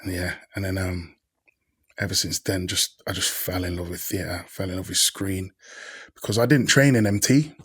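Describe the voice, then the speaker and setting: A husky, low-voiced man, a podcast guest sharing stories in an easy, conversational way. He talks in slang and brings the people in his stories to life by voicing them. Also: moderate pace. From Birmingham, England. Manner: animated, slangy storyteller who acts out quoted people. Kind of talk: casual interview storytelling.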